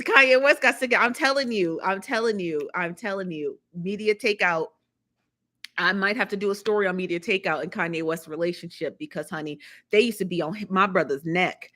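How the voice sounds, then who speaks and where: Woman hosting a live stream; casual, chatty, animated commentary with frequent repetition and laughter. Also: mid-range voice, a little fast. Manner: chatty, animated, repeats herself, laughs often. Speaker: live show host.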